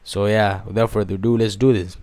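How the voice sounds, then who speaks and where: A young man casually chatting in an energetic, slangy way while reacting to music on his vlog, with a lot of repeated phrases. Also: lowish voice, fairly quick, dry recording. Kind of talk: casual hyped-up vlog chat. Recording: faint music behind.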